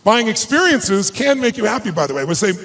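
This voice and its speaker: Guy doing a motivational speech at an event, kinda high voice, emotional storytelling, punchy. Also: big pitch swings, fairly quick, a bit bright. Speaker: motivational speaker. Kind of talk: speech to a live audience. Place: event stage.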